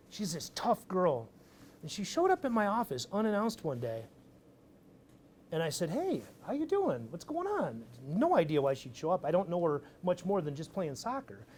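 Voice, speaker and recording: A man giving a casual, energetic talk to an audience at a live event, swearing freely as he tells his story. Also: fairly high pitch, slight background noise. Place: event stage.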